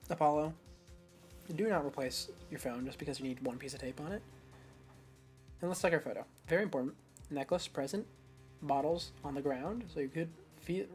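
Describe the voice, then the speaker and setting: A woman's voice: low voice, darkish tone. A woman streamer giving chatty, self-mocking commentary while playing a game. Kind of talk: let's-play commentary. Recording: faint game music behind.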